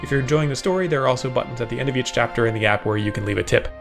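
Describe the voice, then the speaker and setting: A man narrating a serialized story in a steady, measured reading voice. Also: mid-range voice, over music. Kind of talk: scripted audiobook narration.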